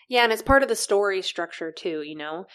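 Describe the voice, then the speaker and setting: A woman co-hosting a chatty podcast about writing. She lays out ideas patiently, one step at a time, often giving examples. Her voice sits at an ordinary middle pitch. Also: animated, a little fast, a bit bright. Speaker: podcast co-host. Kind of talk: explanatory chat on writing.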